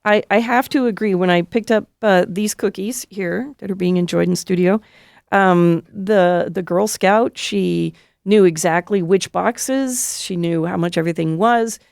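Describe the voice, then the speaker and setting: Creaky-voiced woman radio host. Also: medium pitch, measured pace, a little mellow, no echo, clean studio sound. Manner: playful, chatty, upbeat. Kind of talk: casual on-air interview. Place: radio studio.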